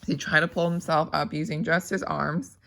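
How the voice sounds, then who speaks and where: A woman reads a novel aloud at a steady pace, with small slips and restarts. Her voice has a gravelly edge. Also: deep voice, moderate pace. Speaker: audiobook reader.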